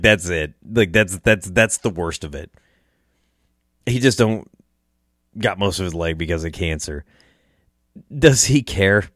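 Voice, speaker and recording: A man's voice: low voice, a bit bright, no echo, studio quality. A young man telling an emotional story about a friend, choking up and swearing, laughing through the tears. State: choked up, close to tears. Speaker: hunting personality.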